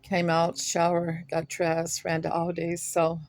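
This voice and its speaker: A woman's voice: lowish voice, monotone, takes it slowly, darkish tone. An older woman, chatting in a rambling way while out of breath, sitting outside her home. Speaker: vlogger. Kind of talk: casual chat.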